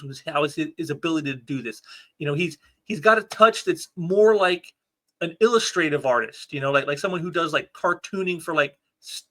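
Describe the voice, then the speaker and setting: A man's voice: fairly high pitch, sharp tone. A man reviewing a comic book on his own show, casual, enthusiastic and rambling with many restarts.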